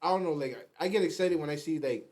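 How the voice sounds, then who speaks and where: A man's voice: a little high, fast talker, darkish tone. Easygoing male host, slangy. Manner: easygoing, admiring, slang-filled. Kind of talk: casual conversation.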